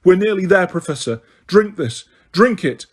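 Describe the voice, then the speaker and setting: A man's voice: high-pitched, animated, normal speed, breathy edge. A man voicing a frantic teenage boy wizard with urgent, cracking pleas in an audiobook. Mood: desperate. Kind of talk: audiobook character reading.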